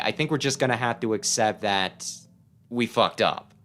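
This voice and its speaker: A man's voice: on the low side, moderate pace, fairly bright tone, faint music behind. A man casually playing a game on stream, reading its text aloud and reacting with wry, swearing asides. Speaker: let's-play gamer.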